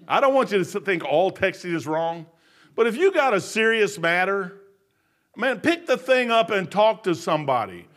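Older man, preacher, high-pitched, loud bursts between mumbles. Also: very animated, normal speed. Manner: storytelling, emphatic, swings from mutter to loud. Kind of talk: folksy sermon.

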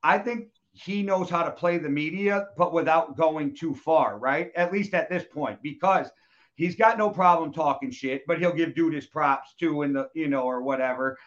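A man's voice: fairly high pitch, normal speed. A man hosting a casual chat, loose and joking, swearing freely. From United States. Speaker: podcast host. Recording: dull lo-fi sound.

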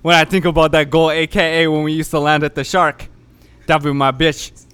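A man co-hosting a podcast over an online voice call, riffing loosely, swearing and breaking into bursts of yelling. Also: on the high side, level tone, a little fast, clear, resonant tone, dry recording. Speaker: podcast co-host. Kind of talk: rowdy casual chat on a call.

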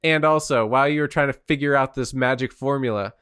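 A man's voice: medium pitch, fast, fairly bright tone, clean tone, dry recording, clean studio sound. A man co-hosting a podcast, chatting casually and making jokes. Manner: joking, laughs often. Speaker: podcast co-host. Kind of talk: casual chat.

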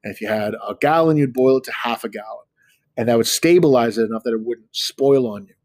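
A man in his thirties hosting a podcast, telling a traditional story in a relaxed, chatty, self-deprecating way. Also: medium pitch, a little fast, no room sound. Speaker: podcast host. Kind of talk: casual storytelling talk.

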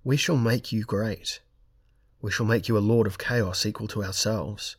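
A man's voice: lowish voice, steady tone, moderate pace, breathy edge, dry recording, clean studio sound. A man reading aloud and voicing an immortal, persuasive lord of chaos in an audiobook. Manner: persuasive, silky.

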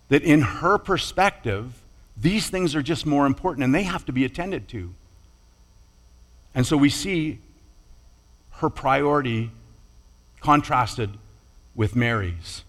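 A man preaching a sermon in a measured, deliberate way, pausing and restarting now and then. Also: fairly high pitch, fairly bright tone. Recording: long hall reverb.

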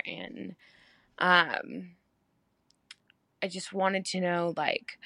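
A woman leaves a question for a show, with slow and halting speech full of fillers. Her voice is lowish and gravelly with vocal fry. The sound is dry and close. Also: a bit bright, no room sound. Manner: hesitant, many fillers. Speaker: caller. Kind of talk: recorded voice question.

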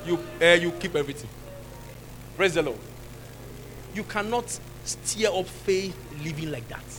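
A man with a Nigerian accent preaching a sermon as pastor, now and then shouting and laughing with the congregation. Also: high-pitched, animated, unhurried, faint music behind, poor audio.

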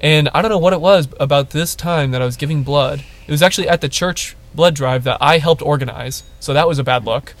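Animated young man telling a story. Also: a little high, brisk, few pauses. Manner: animated storyteller, acts out quotes. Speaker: podcast co-host. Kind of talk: casual storytelling chat.

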